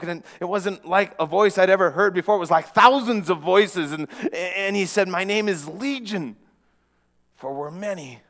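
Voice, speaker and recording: A man preaching a dramatic first-person story, earnest, often dropping to a hush and repeating words as he goes. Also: high voice, in a large hall. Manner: earnest, with frequent restarts and dramatic hushes.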